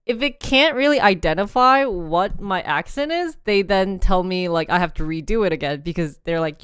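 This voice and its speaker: A woman's voice: fairly low pitch, lively intonation, normal speed, few pauses, fairly bright tone, clean tone, no echo, studio quality. A young woman hosting a casual livestream, chatting in a rambling way, laughing often and reading short passages aloud. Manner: reads sample passages aloud to a phone app. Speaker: livestream host.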